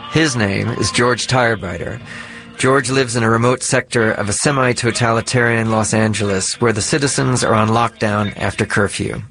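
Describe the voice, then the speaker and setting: A man giving scripted documentary narration in a measured, even delivery. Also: medium pitch.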